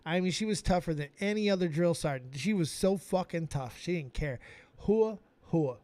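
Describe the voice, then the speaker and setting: A man's voice: fairly high pitch, a little fast, no echo. A man hosting a live stream who tells a comic story with heavy swearing. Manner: animated, swearing a lot.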